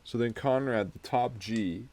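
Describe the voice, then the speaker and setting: A man's voice: mid-range voice, a little mellow, a little hiss or hum. A young man co-hosting a podcast, casually recapping a film, rambling and swearing freely. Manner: rambling, swears freely, acts out scenes in quick put-on voices. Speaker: podcast co-host.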